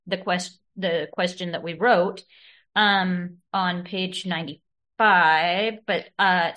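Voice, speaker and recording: A woman's voice: medium pitch, fairly bright tone. A woman sharing at a recovery meeting, earnest, quoting from a book with many fillers.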